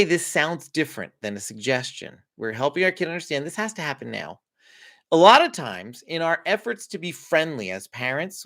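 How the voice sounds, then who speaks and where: A man walks parents through a routine in a friendly, conversational teaching style. His voice sits a little high and moves a lot in pitch. He chuckles often between points. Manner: lively, conversational, laughs often. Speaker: parenting coach. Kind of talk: instructional talk to parents.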